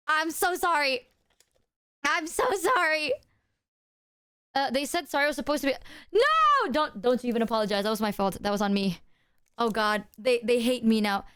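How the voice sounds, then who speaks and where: Flustered high-voiced streamer woman. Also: clean tone, no echo, studio quality. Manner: flustered, apologetic, excitable. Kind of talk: casual stream chat to viewers.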